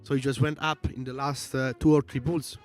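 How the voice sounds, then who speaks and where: A man's voice: medium pitch, little pitch movement, a little fast, soft background music. A man with a strong Italian accent, giving casual livestream commentary and explaining things at length with lots of fillers. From Italy. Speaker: esports co-commentator.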